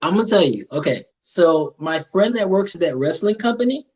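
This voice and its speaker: Playful joking male host, lively pitch. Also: a little fast, breathy edge, highs cut off. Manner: playful, joking, repeats words. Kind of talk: casual interview chat.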